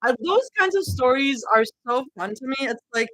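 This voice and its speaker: A woman's voice: high voice, expressive, moderate pace, few pauses, fairly bright tone, no room sound, poor audio. A young woman streaming a live reading, giggly and chatty, easily sidetracked between passages. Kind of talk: casual live reading and chat.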